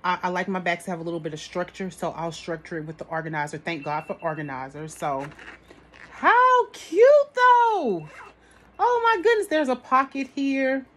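A woman's voice: on the low side, fast, few pauses, a bit bright, a little hiss or hum. A woman vlogging an unboxing of a haul, gushing over each item and talking to her viewers as sis and y'all. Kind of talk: product unboxing chat.

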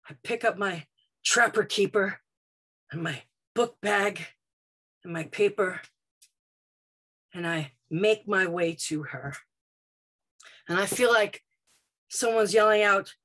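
Husky-voiced woman telling a stage story. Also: mid-range voice, slow, long pauses. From Brooklyn, United States. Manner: vivid, dramatic, shifting between quiet and loud. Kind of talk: first-person stage storytelling.

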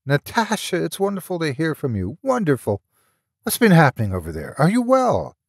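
A man voicing an excitable, cheerful man on the phone who talks in a lively sing-song. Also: medium pitch, normal speed, no echo, clean studio sound, lightly acted. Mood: excited.

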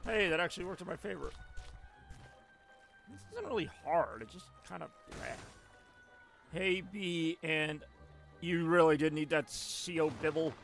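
Guy live streaming a game, kinda high bright voice, rambly and jokey, talking to chat. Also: animated, a little slow, creaky, pauses often, soft background music. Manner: rambling, joking, chatting with viewers. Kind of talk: casual live stream gameplay commentary.

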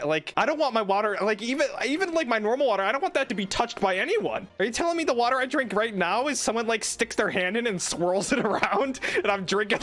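A young man streamer rambling through an animated, comic rant in casual chat. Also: high-pitched.

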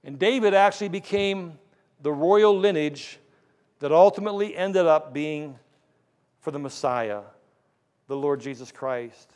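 A man's voice: fairly high pitch, unhurried, long pauses, darkish tone, clear, resonant tone, big-room sound. A man preaching a sermon as pastor, retelling a Bible story with acted-out lines of dialogue.

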